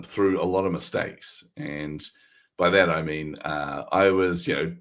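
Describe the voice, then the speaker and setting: A middle-aged man telling stories as a podcast guest, animated and self-deprecating, laughing often. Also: deep voice, husky. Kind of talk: storytelling in an interview.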